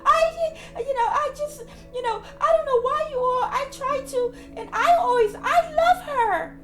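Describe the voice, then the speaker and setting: A woman's voice: very high voice, unhurried, a bit bright, echoey room, soft background music, voice pushed up. A woman voicing an ashamed, self-pitying woman who whines like a victim and breaks into tearful laughs. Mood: whiny, tearful.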